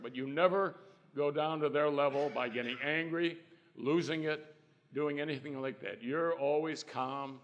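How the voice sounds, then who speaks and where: A man's voice: mid-range voice, moderate pace, fairly bright tone. Folksy older man telling stories in a hall. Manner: folksy storyteller who acts out quotes. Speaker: trial lawyer on a panel. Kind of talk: anecdotal panel talk. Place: conference hall. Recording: long reverb in a conference hall.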